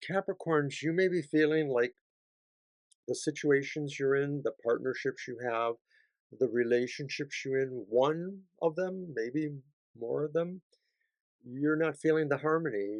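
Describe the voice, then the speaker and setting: A man giving a weekly tarot reading sign by sign, chatty, swinging from hushed to excited. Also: mid-range voice, a little slow, dry recording. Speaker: tarot reader.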